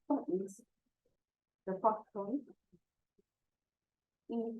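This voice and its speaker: A woman's voice: mid-range voice, slow pace, pauses often. A woman teacher giving a workshop talk, methodically spelling out and repeating example words as she explains pronunciation rules. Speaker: Chinese teacher. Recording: tinny phone-like sound.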